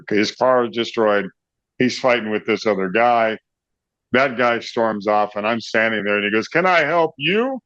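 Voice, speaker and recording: A man's voice: lowish voice, a bit bright, no room sound. A middle-aged man, a rock singer as an interview guest, animatedly telling an anecdote, often laughing and acting out the people in it. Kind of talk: anecdotal storytelling. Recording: dry, slightly dull lo-fi sound.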